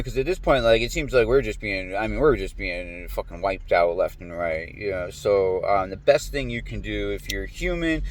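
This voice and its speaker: A man delivering a rambling, profane monologue straight to the camera, agitated and full of restarts. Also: medium pitch. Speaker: vlogger. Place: lives in a humid climate.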